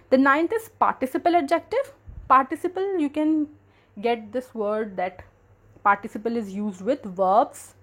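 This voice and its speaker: Lady teacher, slow and patient, kinda high voice that bounces around a lot. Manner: slow, repeats key terms, explains patiently. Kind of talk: grammar lesson.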